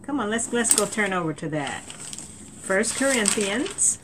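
A woman's voice: mid-range voice, animated, a little slow, background noise. A woman preaching a sermon in an earnest tone, often repeating words and reading scripture aloud.

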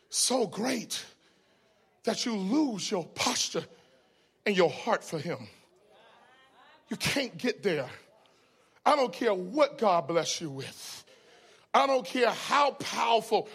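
A man preaching a humorous, storytelling sermon. He is folksy and conversational, laughs often, and swings from shouts to hushed asides. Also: very high-pitched, slightly rough.

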